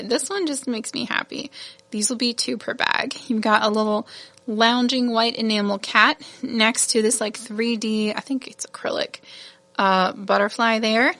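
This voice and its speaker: A woman's voice: fairly high pitch, gravelly, a bit bright, dry recording. A woman hosting a casual product showcase, chatty and gushing, laughing at her own fumbles. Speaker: shop host showing new beads.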